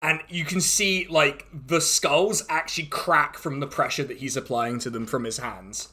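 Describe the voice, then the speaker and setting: A man's voice: a little high, normal speed, a crowd in the background. A man narrating a tabletop game as game master, in an amused, rambling way with frequent restarts.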